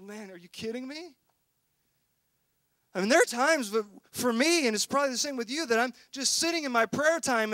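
A male pastor preaches a passionate sermon in a very high, bright voice. He swings from ringing emphasis down to hushed, intense asides. The sound is dry and close. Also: no echo. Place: church.

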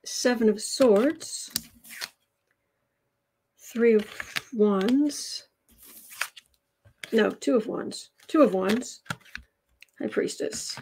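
Unhurried woman reading tarot on a livestream. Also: fairly high pitch, slight background noise. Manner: unhurried and drawn-out, drops into soft near-whispered asides. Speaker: tarot reader.

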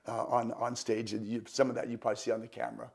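Gravelly, husky older man telling stories. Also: medium pitch, quick pace. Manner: animated anecdotes, acting out other people's voices. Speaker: guest magician. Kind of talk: storytelling interview.

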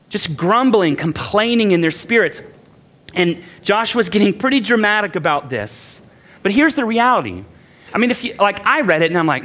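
A pastor preaches with a light, high-pitched man's voice. He keeps it conversational, jumps into character to act out the people in the text, and pokes fun at himself along the way. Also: big pitch swings, moderate pace, fairly bright tone. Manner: conversational, self-deprecating asides. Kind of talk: sermon.

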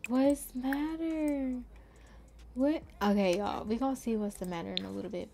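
A young adult woman doing casual let's-play commentary, chatting straight to viewers in slang and swinging from hushed whispers to loud exclamations. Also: a little high, normal speed.

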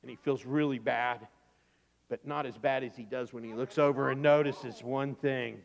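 A man, a pastor, telling a Bible story to children in church, animated and playful, acting out the characters' voices. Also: medium pitch, moderate pace, gravelly. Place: church sanctuary. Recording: church hall reverb.

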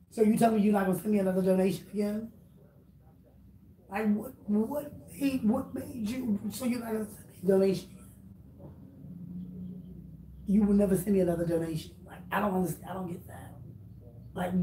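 A woman's voice: medium pitch, normal speed, long pauses, mellow. A woman YouTuber in a direct-address rant vlog, blunt, profane and lecturing, recorded with a distant mic in a roomy space with faint noise behind her.

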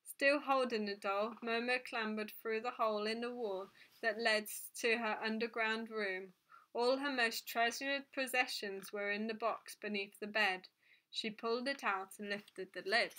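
A woman reading a children's book aloud in a gentle, unhurried way, now and then correcting herself. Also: fairly high pitch, steady tone. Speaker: storyteller.

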